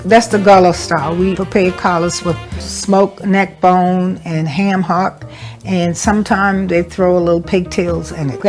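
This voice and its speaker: A woman's voice: lowish voice, darkish tone. Woman, homely. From South Carolina, USA. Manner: homely, explaining as she demonstrates. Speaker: caterer and cookbook author. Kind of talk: casual talk while cooking. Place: family yard at an outdoor barbecue.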